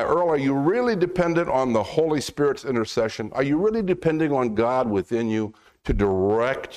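A man preaching a sermon, reading scripture slowly and acting out biblical dialogue in a conversational way. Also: medium pitch, darkish tone. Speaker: pastor.

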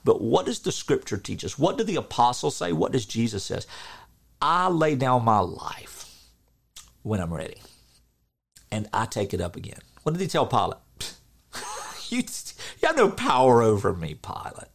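A middle-aged man preaching an informal sermon, earnest and animated, acting out quotes with a laugh now and then. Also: medium pitch, moderate pace, gravelly, slightly rough.

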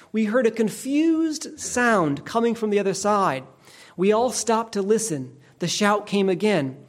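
An earnest preacher in the middle of a sermon. The delivery is story-driven, easing off the pace to lean on important words, at a mid-range pitch. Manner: earnest storytelling preacher who slows down to stress key words. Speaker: pastor.

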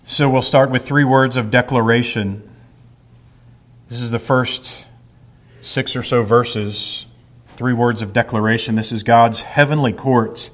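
A man preaching a sermon in a middle-pitched voice. He reads scripture at a steady pace, then explains the text verse by verse and presses his points with emphasis. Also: unhurried. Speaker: pastor.

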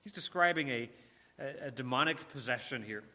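A man's voice: mid-range voice, animated, fairly quick, pushed and bright. A man preaching a sermon, earnest and emphatic, often repeating words and restarting phrases.

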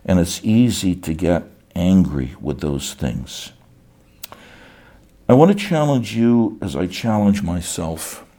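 A middle-aged pastor preaching in a slow, unhurried cadence. His voice is low, dark and mellow, with a husky edge, and he talks earnestly, often repeating words as he builds each point. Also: animated. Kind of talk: sermon.

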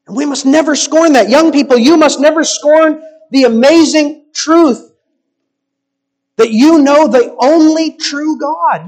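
High-voiced guy preaching, punchy rhetorical sermon, lots of pauses. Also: a little mellow.

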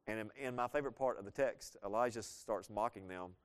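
In a smooth, lowish voice, a male preacher explains a Bible story during a sermon, keeping it conversational with playful asides and slowing down when he reads scripture.

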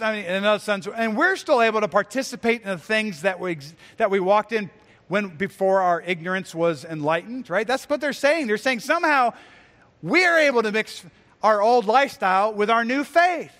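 A man's voice: high voice, expressive, moderate pace, fairly bright tone, big-room sound. A male pastor preaching an earnest, emphatic sermon with repeated phrases.

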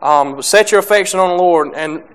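A young man preaching a sermon, halting with many restarts and fillers, reading scripture and speaking plainly about faith. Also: high-pitched, fairly bright tone, clear, resonant tone.

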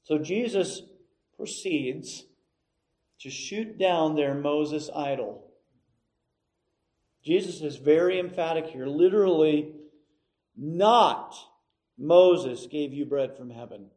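Emphatic man preaching slowly. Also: on the high side, dark tone, rough recording. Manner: emphatic, measured preaching with dramatic pauses. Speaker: pastor. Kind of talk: sermon.

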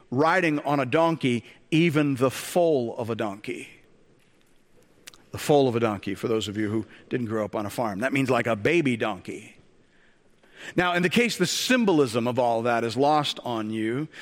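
A man's voice: mid-range voice, big-room sound. A male pastor preaching a sermon, talking conversationally with joking asides and rhetorical questions to the congregation.

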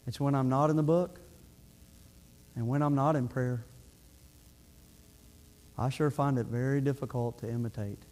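A man's voice: mid-range voice, mellow. A middle-aged male pastor preaching a sermon in an earnest, conversational way, often restarting his phrases.

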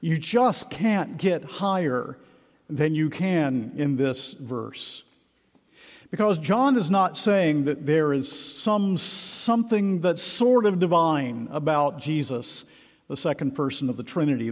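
A man preaching an expository sermon, emphatic and measured, slowing down to stress key words. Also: on the high side, animated. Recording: long hall reverb.

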